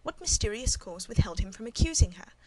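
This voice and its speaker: A woman reading a classic novel aloud as first-person scripted narration, measured and even. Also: medium pitch, rough recording. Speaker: audiobook narrator.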